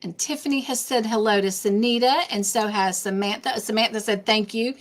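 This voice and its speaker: A woman's voice: fairly high pitch, fairly even intonation, fairly quick. Bubbly woman hosting a live stream. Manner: warm, effusive greetings to chat viewers, easily sidetracked. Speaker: livestream host. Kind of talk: casual live-stream chat.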